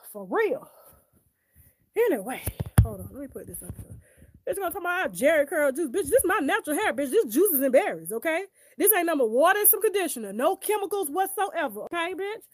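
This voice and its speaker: A woman with a very high voice rants on her gossip vlog. She taunts and curses, repeating pointed rhetorical questions. She talks from her closet at home. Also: big pitch swings, moderate pace. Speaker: gossip channel host. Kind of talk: profane ranting vlog.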